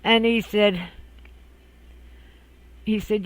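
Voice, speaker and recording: A man's voice: high voice, a little slow, pauses often, a bit bright, no echo, low-quality recording. An older man telling a childhood memory in a rambling, casual way, laughing often and restarting his sentences. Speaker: storyteller. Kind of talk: casual personal storytelling.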